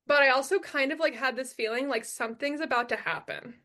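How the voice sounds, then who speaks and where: A woman's voice: sits high, brisk, bright, forceful tone. A young adult woman as a podcast guest, telling a personal story in a blunt, emphatic way, swearing freely and repeating her key lines.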